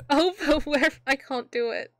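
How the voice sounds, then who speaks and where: Her voice mid-range, a young streamer talks through a video game she's playing, tossing in jokey remarks and breaking into laughter again and again. The sound is clean studio audio with no room sound.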